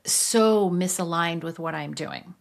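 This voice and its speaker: A middle-aged woman, a podcast guest, telling a candid personal story in an animated way. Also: slow, gravelly. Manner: animated, acts out quoted voices with big pitch jumps.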